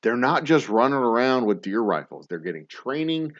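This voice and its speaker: Lively, rambling man on a dull stream. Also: mid-range voice, normal speed. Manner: rambling and blunt, swears freely, chuckles often. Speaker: distillery owner hosting a whiskey show. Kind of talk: casual livestream chat answering viewer comments.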